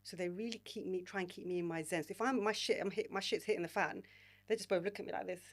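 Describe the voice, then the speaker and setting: Woman in her 40s, lowish voice, frank and slangy, swears a bit, podcast guest chat. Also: fairly even intonation, quick pace. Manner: candid, swears freely, uses slang like babe and mate. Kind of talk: casual podcast interview.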